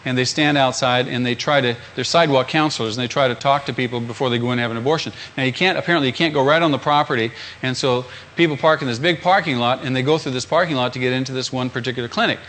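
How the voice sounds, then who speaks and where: A man's voice: medium pitch, rapid-fire, few pauses, fairly bright tone. A man, a pastor, preaching a sermon emphatically, repeating phrases and asking the congregation rhetorical questions.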